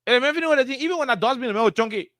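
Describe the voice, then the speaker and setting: A Liberian English speaker with a fairly high pitch for a man, holding forth on a radio talk show. He hammers his points with repeated words and rhetorical questions. The sound is dry and close with no room around it. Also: lively intonation, very fast, a bit bright, dry recording. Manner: impassioned, repetitive, rhetorical questions. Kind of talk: political commentary. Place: radio studio.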